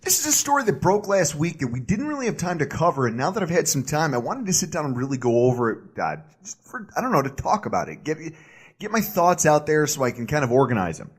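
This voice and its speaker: A man's voice: on the high side, quick pace, husky. A man hosting a sports podcast, chatting casually and joking about himself. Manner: animated, jokey, self-mocking. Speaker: podcast host.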